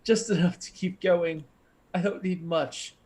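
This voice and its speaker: A man voicing a weak program that begs for processing power in a breathy, pleading way. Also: high-pitched, fairly even intonation, a little slow, darkish tone, pitched above the performer's own voice. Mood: begging.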